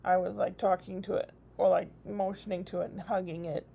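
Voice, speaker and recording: A woman's voice: on the low side, flat delivery, a little fast, vocal fry, breathy edge. An older woman, a grandmother, chatting in a rambling, casual video diary. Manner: chatty, rambling, frequent laughs. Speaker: vlogger. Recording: dull lo-fi recording.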